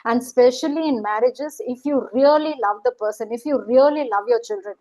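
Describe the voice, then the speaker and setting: A woman's voice: fairly high pitch, brisk, a little mellow, low-quality recording. A middle-aged woman, giving an earnest, questioning motivational talk as a life coach. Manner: acts out quoted voices.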